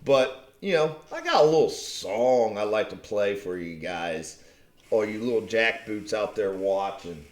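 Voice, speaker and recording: A man's voice: on the low side, animated, a little slow. A man ranting angrily at his viewers, swearing constantly and mocking them in a combative, profane tone. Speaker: channel host. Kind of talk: angry profane rant to camera. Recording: roomy echo.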